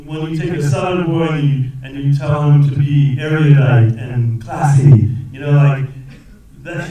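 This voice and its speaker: Animated man in an echoey theater. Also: fairly high pitch. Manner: rambling, animated, laughs often. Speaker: actor guest at film Q&A. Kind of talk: conversational Q&A answers. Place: cinema auditorium. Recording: echoey theater from a distance with audience.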